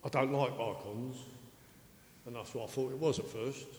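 A male preacher giving an excitable sermon, dropping to quiet asides and rising to loud acted-out quotes. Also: mid-range voice, moderate pace, a little hiss or hum. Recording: echoey hall with long reverb.

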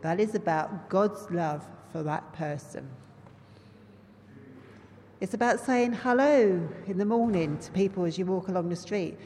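A woman's voice: on the low side, measured pace. A woman with a London accent shares her testimony from the front of a church, earnest and chatty with the congregation. Her voice rings out with a long reverb through a big hall, over a faint hum of the room. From England. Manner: earnest and conversational, warm asides to the congregation. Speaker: lay preacher. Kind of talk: personal testimony sermon.

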